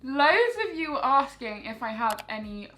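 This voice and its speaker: A woman's voice: sits high, expressive, moderate pace, fairly bright tone. A woman in her late teens chatting casually to camera in a Q&A vlog, with lots of "like" fillers. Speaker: YouTuber.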